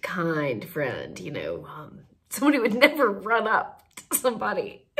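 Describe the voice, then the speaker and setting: A woman casually telling a funny anecdote, laughing often as she talks. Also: medium pitch. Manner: giggly, laughs through the telling, animated. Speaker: storyteller host.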